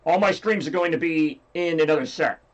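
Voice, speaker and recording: A man's voice: a little high, fairly quick, muffled recording. A man with a scratchy voice hosting a livestream, rambling casually and joking with chat. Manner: rambly, jokey, reads chat aloud. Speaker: livestream host.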